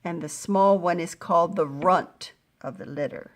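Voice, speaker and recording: A middle-aged woman teaching a phonics lesson to young readers, patient and encouraging, sounding words out slowly. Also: fairly low pitch. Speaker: reading teacher.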